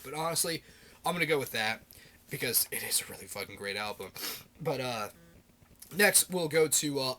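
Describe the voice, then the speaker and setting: A married man vlogging about his favorite metal albums, swearing constantly in an animated, ranting way. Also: medium pitch. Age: adult, married. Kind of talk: casual rant.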